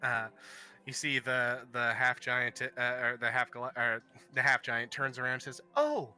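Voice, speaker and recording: A man narrating as game master in a tabletop game, halting and full of ums and uhs. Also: mid-range voice, completely flat delivery, sharp tone, smooth.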